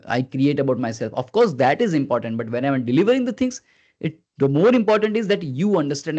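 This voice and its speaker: A man leading a live online training session as a communication skills trainer, earnest and coaxing, who keeps prompting his listeners and swings his pitch up and down on purpose. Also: darkish tone. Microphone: video call. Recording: dull lo-fi video call audio.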